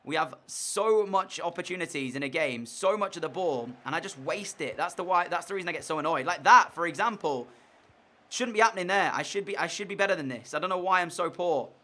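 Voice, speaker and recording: A young man calling a football video game, his tone bright and forceful. He lurches between low, frustrated grumbling and loud shouts when goals go in, and his voice sits a touch higher than usual. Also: a little fast. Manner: swings from frustrated muttering to shouted excitement. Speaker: gaming YouTuber. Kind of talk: game commentary.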